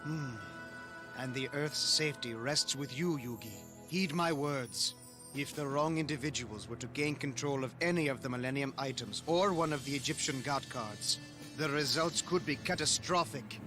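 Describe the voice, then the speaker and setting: A man voicing a solemn mystic guardian of ancient relics in a dubbed cartoon, speaking in a grave, measured way. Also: medium pitch, lightly acted. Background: background music.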